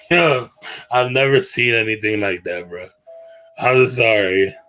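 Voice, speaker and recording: Speaking slowly in a mid-range voice with a sharp edge, this livestream host chats to viewers from his bedroom over soft background music. The recording is low quality, and his slangy, earnest sentences keep trailing off and restarting.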